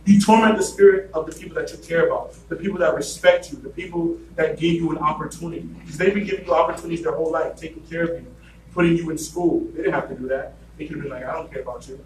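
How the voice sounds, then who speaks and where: A man's voice: a little high, fairly even intonation, fast, recorded from a distance, noisy background. A man preaching a sermon in a church, telling a story and acting out what the characters say. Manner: storytelling, acts out voices of the characters. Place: church sanctuary. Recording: echoey church room from afar.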